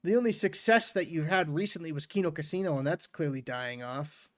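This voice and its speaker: Sneering reaction commentator, dry sound. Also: male voice, on the high side, a little fast, dry recording. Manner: sneering, mocking. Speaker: reaction streamer.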